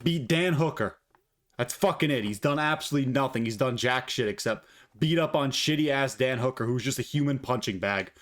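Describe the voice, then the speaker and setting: A man's voice: medium pitch, fairly quick. Foul-mouthed man ranting about fights. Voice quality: profane, blunt and opinionated. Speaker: MMA commentator, channel host. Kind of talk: casual ranting commentary.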